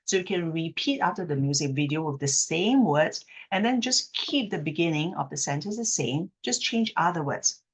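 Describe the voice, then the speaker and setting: A woman speech therapist explaining a technique patiently, checking in with the listener and acting out example phrases slowly with exaggerated inflection. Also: low voice, expressive, husky. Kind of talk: instructional talk to camera.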